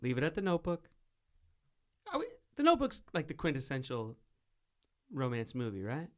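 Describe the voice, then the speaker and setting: A man hosting a radio talk show, bantering casually and rambling in an animated, teasing way. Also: medium pitch, normal speed.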